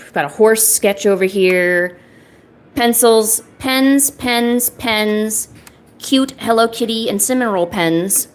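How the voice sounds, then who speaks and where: A young woman streaming while she draws, chatting casually in a rambling, self-deprecating, jokey way. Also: medium pitch. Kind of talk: casual chat while drawing.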